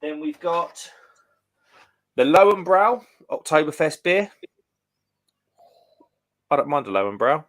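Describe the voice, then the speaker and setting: A British man with a bright, forceful voice talks beer on a casual live stream. He is chatty and upbeat, full of ums and restarts as he reads out viewer comments. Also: fairly high pitch, big pitch swings, takes it slowly, pauses often. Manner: chatty and enthusiastic, lots of "um" and restarts.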